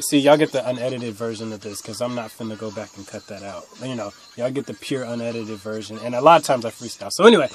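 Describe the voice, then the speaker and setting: A young man telling rambling stories to camera in a blunt, casual way, swinging from mutters to loud outbursts. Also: medium pitch. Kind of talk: casual storytelling monologue.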